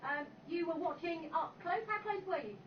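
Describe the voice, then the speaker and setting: High-voiced woman field reporter. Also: animated, moderate pace, distant mic, a little hiss or hum. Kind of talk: on-location news reporting. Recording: TV audio played in an echoey room, heard from afar, dull.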